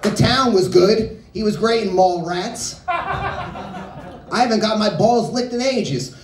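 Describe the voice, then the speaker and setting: A stand-up comedian with a high, expressive voice works slowly through a profane, absurd set in a small bar, hopping from tangent to tangent. The mic is distant and the bar room echoes.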